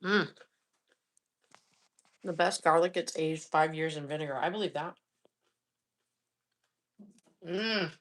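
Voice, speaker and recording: Woman, forties, lowish voice, casual livestream chat, relaxed, hums between bites. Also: a little slow. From Florida. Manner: relaxed, chatty, hums with food between remarks. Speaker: livestream host cooking and eating. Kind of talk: casual live chat while eating.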